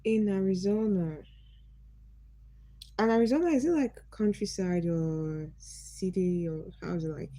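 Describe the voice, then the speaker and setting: A woman's voice: fairly low pitch, a little slow, mellow, no echo, poor audio. A Nigerian woman from Nigeria hosting a casual livestream, greeting viewers by name and asking them curious questions. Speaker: livestream host.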